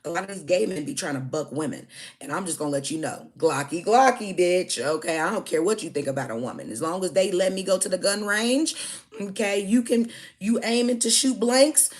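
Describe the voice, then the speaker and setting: A young woman who owns a food business talks fast in a fairly low voice, delivering a heated storytime rant about a customer. She's emphatic and swears freely, punching her lines with "okay?"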